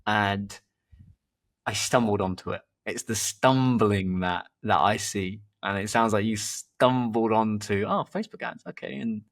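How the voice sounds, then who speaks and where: A man's voice: fairly low pitch, slow pace. A man, hosting a podcast and telling stories in a loose, rambling conversational way. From England. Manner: rambling, repeats words, lively when telling anecdotes. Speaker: podcast host and performance coach. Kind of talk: casual conversational storytelling.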